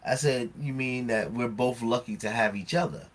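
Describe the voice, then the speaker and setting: A man's voice: medium pitch, moderate pace. A man co-hosting a casual podcast, animatedly retelling an argument with plenty of swearing and acting out both sides. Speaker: podcast co-host. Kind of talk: casual chat.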